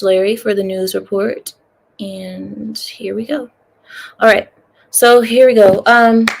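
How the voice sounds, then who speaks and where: A woman, ranting in a casual livestream and chatting to her viewers over a laptop mic. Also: on the high side. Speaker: livestream host.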